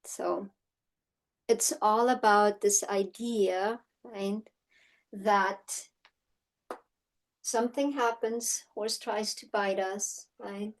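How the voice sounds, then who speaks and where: Chatty middle-aged woman horse trainer. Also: mid-range voice. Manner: chatty storytelling, frequent "right?" tag questions; acts out quotes in animated voices. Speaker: horsemanship instructor. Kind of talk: casual course teaching.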